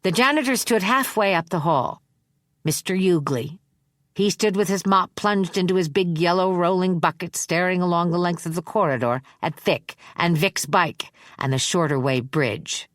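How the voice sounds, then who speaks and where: Woman reading in a low, dry voice. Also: no room sound. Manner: measured, expressive reading. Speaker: audiobook narrator. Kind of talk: scripted narration.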